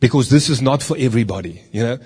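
A man's voice: mid-range voice, animated, fast talker, darkish tone, breathy edge. A man preaching a sermon in a conversational way, with rhetorical questions and stories from his meetings.

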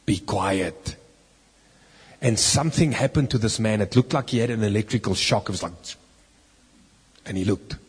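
A man preaching a sermon as an animated story, now and then rising loud for the key lines. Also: medium pitch, slightly rough. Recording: long reverb in a hall.

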